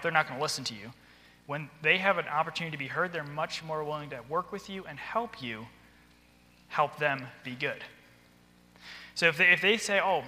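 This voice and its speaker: Man, teacher running a training talk, a bit high, crisp bright voice, reverberant hall. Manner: earnest, conversational, drops to soft voice for acted quotes. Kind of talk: instructional talk with acted classroom dialogue. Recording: long echoey hall reverb.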